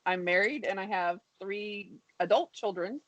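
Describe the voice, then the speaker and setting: A woman in her fifties with an American accent, calmly explaining things as a guest on a video call. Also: medium pitch, measured pace, no echo, muffled recording. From United States. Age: 50s. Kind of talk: casual conversation on a video call.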